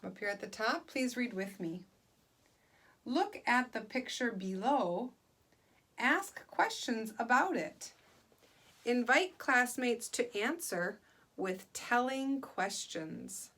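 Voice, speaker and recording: Slow, patient woman teaching young kids. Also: fairly high pitch, lively intonation, a bit bright. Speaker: second grade teacher. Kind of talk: online classroom lesson.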